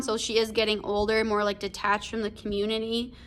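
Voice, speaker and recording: A woman teacher talks through a story for her class in a loose, chatty way, full of "um" and "like." Her voice sits a little on the high side. She is recording a video lesson at home. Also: level tone, moderate pace, a bit bright. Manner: casual, chatty, many fillers like "um" and "like". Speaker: English teacher. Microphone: computer or phone video recording.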